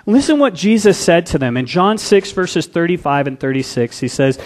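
A man's voice: a little high, animated, normal speed, few pauses. A man preaching a sermon as pastor, throwing rhetorical questions at the congregation.

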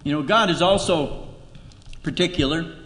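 A man's voice: a little high, moderate pace, fairly bright tone. A man preaching a sermon as pastor, emphatic, repeating key words and asking rhetorical questions. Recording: echoey hall reverb.

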